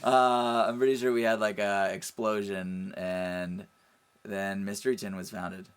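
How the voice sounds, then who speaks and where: A man casually telling a story about a friend, animated and laughing, with lots of "like". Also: fairly low pitch, unhurried, clean tone. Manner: animated, laughing, says "like" a lot. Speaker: interviewee, friend of host.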